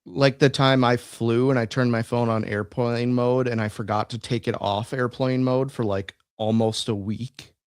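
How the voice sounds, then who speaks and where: A man's voice: medium pitch, fairly even intonation, normal speed, few pauses, smooth, no room sound, clean studio sound. A man co-hosting a casual podcast, telling laid-back stories with plenty of filler words. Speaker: podcast co-host.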